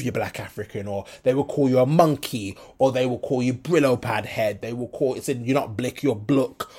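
A man's voice: mid-range voice, darkish tone. A young man from the Midlands, switching between a Birmingham and a London accent, talking frankly in a rambling solo podcast monologue full of fillers and restarts. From English Midlands. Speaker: podcast host.

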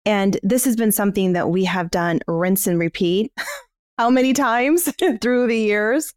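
This podcast co-host is a woman with a mid-range voice who speaks a little slowly, laying out her ideas candidly and casually while swearing freely. The studio sound is clean, with no room sound.

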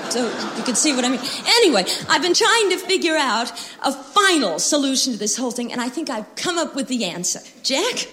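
A woman's voice: fairly high pitch, animated, fast talker, fairly bright tone, big-room sound. A woman doing playful, theatrical stage patter in a live concert recording. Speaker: stage performer. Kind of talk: comic stage patter before a song.

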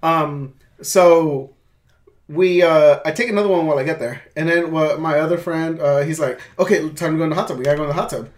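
A young man telling a long story in casual chat, halting and rambling, with many restarts and swearing. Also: a little high.

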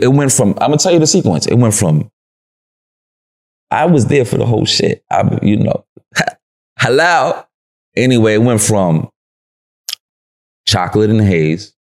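Deep-voiced New York man, laid-back slang. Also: creaky, darkish tone. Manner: slangy and laid-back, laughs often, acts out quotes. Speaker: podcast guest. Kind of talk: casual interview storytelling.

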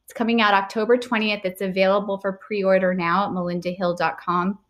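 A woman's voice: mid-range voice, level tone, brisk, a bit bright. A woman comedian hosts her podcast in easygoing chat. She sounds bubbly and playful, slipping little jokes into her talk.

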